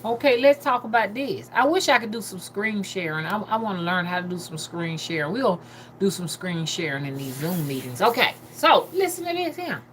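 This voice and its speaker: A woman hosts a casual livestream and chats loosely with her viewers. Her voice is bright and forward. A faint hiss sits behind her webcam-style recording. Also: medium pitch, lively intonation, moderate pace. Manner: chatty, reads viewer comments aloud, loose and talkative. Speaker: livestream host.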